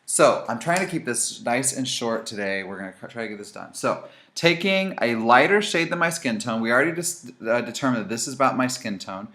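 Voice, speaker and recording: With a mid-range voice, a slightly quick pace, and few pauses, a man hosts a relaxed makeup tutorial. He's animated and chatty, talking right to viewers during his demonstration.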